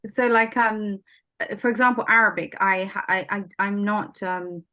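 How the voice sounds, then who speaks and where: A woman's voice: medium pitch, measured pace, pushed and bright. A woman chatting casually and hesitantly, with many "like"s and restarts. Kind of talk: casual chat.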